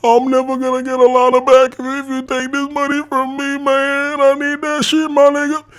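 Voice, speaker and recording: Mocking impression: man doing a panicky, whining young man, pitched far above his own voice, pleading. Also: monotone, normal speed, fairly bright tone. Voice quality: shrill, pleading. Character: whiny panicking young man begging over money.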